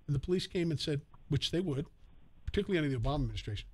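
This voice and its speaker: A man's voice: on the high side, animated, racing, slightly rough. Emphatic man hosting talk radio. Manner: emphatic, rhetorical and repetitive. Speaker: fill-in radio host. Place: radio studio.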